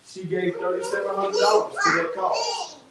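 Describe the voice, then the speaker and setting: A man giving an animated testimony talk to a workshop audience, telling stories in casual vernacular. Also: sits high, normal speed, gravelly. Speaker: workshop speaker. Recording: echoey room, distant mic, background noise.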